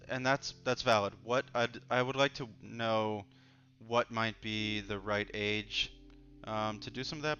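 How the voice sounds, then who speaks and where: Deep-ish guy hosting an interview, chatty, thinks out loud, soft guitar in the back. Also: fairly even intonation, measured pace, muffled recording. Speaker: host. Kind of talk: casual interview talk.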